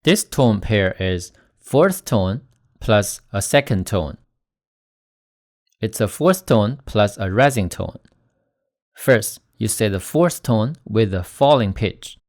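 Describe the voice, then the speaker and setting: A man teaching Chinese pronunciation in a scripted lesson, slowly demonstrating tones with stressed example words. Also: on the low side, animated, a little mellow. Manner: slow, deliberate, demonstrating tones with stressed syllables.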